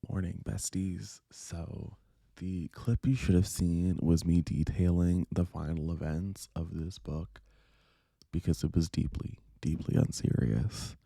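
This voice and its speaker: A man recapping a book in a casual vlog, telling it with animated, profane storytelling and quick bursts of quoted voices. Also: low-pitched, gravelly, no echo, clean studio sound. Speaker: book vlogger.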